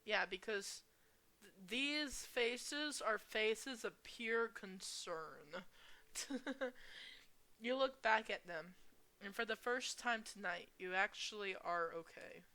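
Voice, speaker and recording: A woman's voice: mid-range voice, lively intonation, bright, forceful tone. A young woman reading a visual novel aloud and adding crude asides. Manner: reads slowly, with crude asides. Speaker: gamer.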